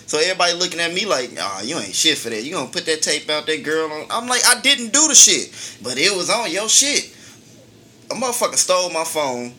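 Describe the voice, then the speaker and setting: A man's voice: medium pitch, bright, forceful tone, a little hiss or hum. A man co-hosting a casual talk show, telling a long story in a laid-back, profane way and laughing often. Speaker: podcast co-host.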